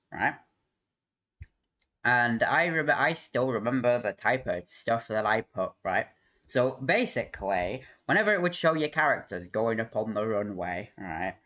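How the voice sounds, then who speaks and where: A man's voice: mid-range voice, fairly bright tone. A man hosting a live stream, rambling in casual chat, laughing often and swearing freely. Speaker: livestream host. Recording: dull lo-fi stream audio.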